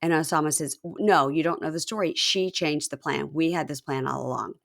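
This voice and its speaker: A woman's voice: fairly quick, creaky. A woman podcast host chatting casually, acting out quotes from a reality show. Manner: animated, acts out quotes with raised pitch.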